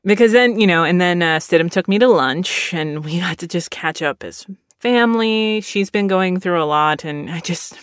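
A woman's voice: lowish voice, normal speed, dry recording, clean studio sound. A woman in her late thirties from Texas, telling a story casually and with animation, laughing often and filling her speech with "like".

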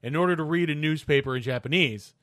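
A man's voice: a little high, fast talker, a bit bright, dry recording, clean studio sound. A man co-hosting a casual podcast chat, explaining at length with frequent restarts and hesitations.

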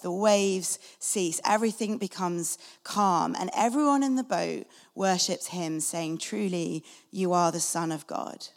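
Female preacher, conversational and earnest, slight vocal fry, in a reverberant church hall. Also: mid-range voice. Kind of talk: sermon. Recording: long reverb of a large hall.

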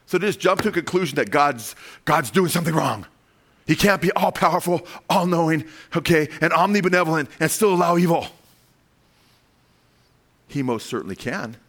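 A man's voice: on the high side, animated, moderate pace, fairly bright tone. A man preaching a sermon, emphatic and full of rhetorical questions, telling stories with dramatic flair.

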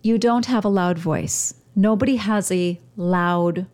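A woman's voice: mid-range voice, slow, a little mellow. A woman host giving casual advice talk, speaking directly and conversationally to her listeners. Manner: direct, conversational, quotes others in asides.

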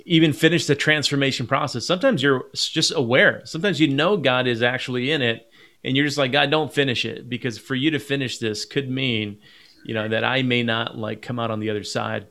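A man's voice: medium pitch, fairly quick, pushed and bright. A man hosting a podcast, responding in an encouraging way and searching for words as he talks. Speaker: podcast host. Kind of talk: conversational podcast.

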